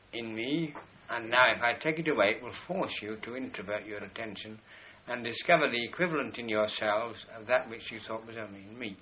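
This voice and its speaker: A man giving a rambling philosophical lecture, pointing to drawings as he explains. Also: medium pitch. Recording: dull lo-fi recording with faint hiss.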